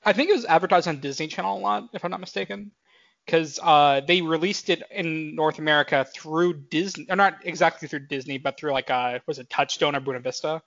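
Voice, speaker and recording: A male podcast co-host in his twenties speaks briskly with a high-leaning, creaky voice that has a fairly bright tone. Casual and rambling, he fills gaps with fillers and corrects himself as he goes. The recording is dry and dull, typical podcast mic audio.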